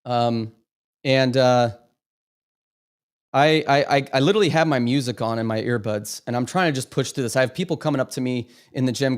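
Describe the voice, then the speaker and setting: A man's voice: medium pitch, normal speed. A man hosting a live stream, talking emphatically and stumbling over repeated words. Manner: emphatic, stammering repetitions. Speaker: livestream host. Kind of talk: impassioned live commentary.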